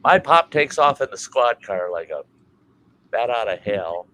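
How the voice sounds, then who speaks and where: A man from Minnesota hosting a casual chat stream, telling a family story in a colorful, animated way and swearing freely. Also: medium pitch, a little slow, a little hiss or hum, poor audio. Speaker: livestream host.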